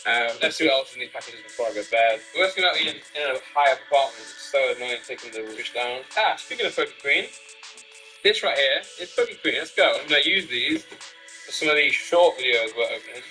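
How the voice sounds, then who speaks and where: A quick, bright-voiced man rattles on excitedly, stepping off into little asides as he goes. He sounds slightly away from the microphone, with faint music playing underneath. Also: medium pitch, recorded from a distance, low-quality recording. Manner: excitable, rambling, chatty asides. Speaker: card-opening streamer. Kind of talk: casual chat.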